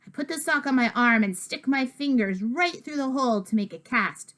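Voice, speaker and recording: A woman's voice: high-pitched, expressive, normal speed, fairly bright tone. A woman reading a children's book aloud in a playful first-person child's voice.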